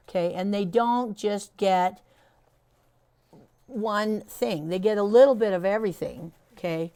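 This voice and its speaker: A woman's voice: mid-range voice, unhurried, mellow, no room sound. A woman trainer leading a staff training session, talking in a casual, encouraging way with frequent fillers. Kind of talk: instructional talk to a staff team.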